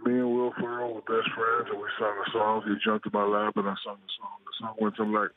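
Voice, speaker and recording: Deep-voiced man on a tinny phone line. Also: completely flat delivery, fast, hardly any pauses. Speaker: guest. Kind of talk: phone interview.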